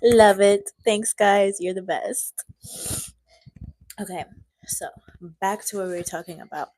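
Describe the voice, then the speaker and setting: Slow-reading woman on a live stream. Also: medium pitch, darkish tone, no echo. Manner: slow reading, breaks off to chat with viewers. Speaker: live-stream book reader.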